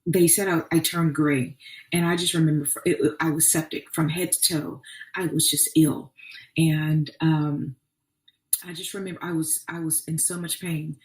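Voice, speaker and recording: A woman from Arkansas hosts a personal testimony podcast, telling her own story earnestly and with deep faith, restarting often. Her voice sits low, with flat delivery at a moderate pace. The room is echoey and the mic distant.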